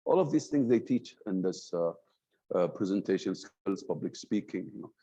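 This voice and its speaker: A man's voice: low-pitched, moderate pace, husky. A man, an Arabic speaker, lecturing a class on communication and freely raising and dropping his voice as he mixes Arabic words into his English. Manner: animated, swings his voice up and down on purpose. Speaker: trainer in communication skills. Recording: dull lo-fi sound.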